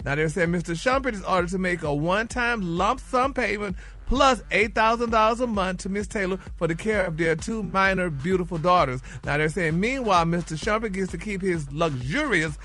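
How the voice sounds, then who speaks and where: A man's voice: high-pitched, brisk, hardly any pauses, sharp tone. A man co-hosting a radio morning show, reading celebrity news in a chatty style, sprinkling "y'all" everywhere. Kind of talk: radio gossip report.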